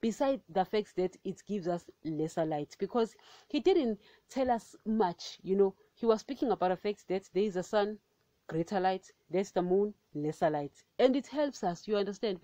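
A woman's voice: medium pitch, animated, normal speed, dark tone, dry recording. A woman hosting a Christian podcast, preaching with fervent emphasis and calling her listeners "guys".

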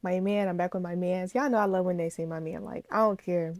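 A woman's voice: on the low side, fairly quick, dry recording. Chatty, emotional woman reaction vlogger, dry sound. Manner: chatty, animated, addresses viewers as y'all; emotional, gushing. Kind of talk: casual reaction vlog.

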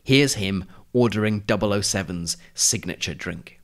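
Measured low-voiced male narrator. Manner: clear, measured, explanatory. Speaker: podcast host. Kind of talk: scripted narrated lesson.

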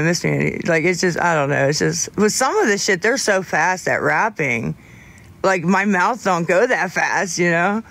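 A young man on a casual livestream, answering chat in a rambling, halting way with many restarts, candid about staying sober. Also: high voice, sharp tone.

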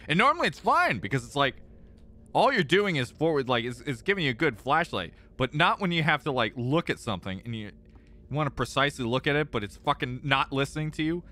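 A young gaming streamer gives live commentary to his viewers, exasperated and swearing a lot, repeating himself when frustrated. Very animated and brisk, he swings between loud outbursts and low mutters.

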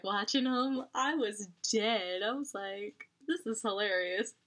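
Chatty young woman reviewing a book. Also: mid-range voice. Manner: chatty and expressive, lots of "like" fillers. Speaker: book vlogger. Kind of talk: casual book review chat.

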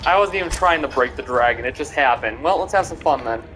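A man's voice: mid-range voice, expressive, quick pace, a bit bright. A young man giving casual, mocking commentary while playing a video game, often stammering and repeating himself. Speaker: gamer streamer. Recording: game music in background.

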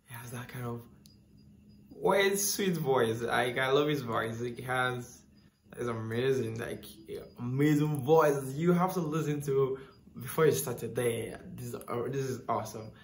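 A man's voice: mid-range voice, unhurried. Gushing man in an echoey room. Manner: gushing, repeats himself, many "like" fillers. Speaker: music reaction channel host. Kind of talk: casual reaction commentary. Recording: echoey room with faint noise.

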